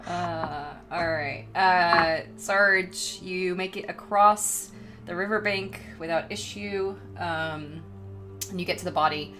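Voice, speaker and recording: A woman narrating a tabletop horror game as game master, in a measured, descriptive way with frequent ums. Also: fairly low pitch, steady tone, music in the background.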